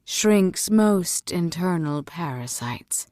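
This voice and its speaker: Woman voicing a calm woman healer, low, soft, hushed, slow. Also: no room sound, studio quality.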